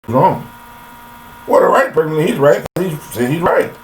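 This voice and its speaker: Older man with lively, swooping speech. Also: a little high, moderate pace, a crowd in the background, poor audio. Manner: folksy and preachy, addresses listeners directly. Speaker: vlogger. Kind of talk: rambling philosophical monologue. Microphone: laptop webcam.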